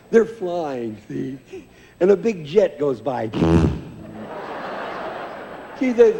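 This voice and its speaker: On a big theater stage, an older man rambles through stand-up jokes for a live crowd, laughing at his own material and adding "see?" after his lines. He speaks slowly in a mellow, sing-song voice on the high side, pausing often, with a faint crowd and slight background noise. It's a dull, lo-fi VHS concert recording with long hall reverb.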